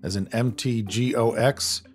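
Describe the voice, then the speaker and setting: A man's voice: mid-range voice, fairly even intonation, unhurried, soft background music. A man hosting a podcast, explaining things in a chatty, self-deprecating way. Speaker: podcast host. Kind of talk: conversational podcast banter.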